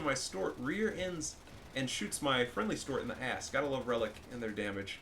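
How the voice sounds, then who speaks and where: A man giving casual, profane commentary over a strategy game, getting loud and excited at big plays. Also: mid-range voice, brisk, slight background noise. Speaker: gaming commentator.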